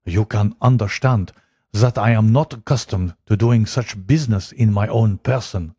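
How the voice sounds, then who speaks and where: A man voicing a proud, anxious king who speaks in a slow, measured, formal way. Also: on the low side, dark tone, breathy edge, no echo, clean studio sound.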